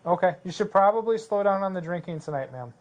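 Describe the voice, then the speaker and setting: Calm, businesslike police sergeant. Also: male voice, high voice, fast, slight background noise.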